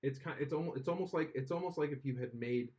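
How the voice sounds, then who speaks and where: A man's voice: medium pitch, fast, a little mellow. A man co-hosting a casual podcast chat, rambling and opinionated, full of restarts. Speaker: podcast co-host.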